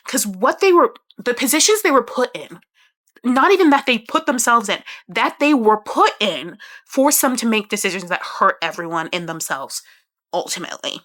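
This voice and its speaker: A woman's voice: mid-range voice, a bit bright. A woman chatting to camera about a book she loved, emotional and rambling, swearing now and then and restarting her sentences. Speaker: book reviewer. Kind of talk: casual chat.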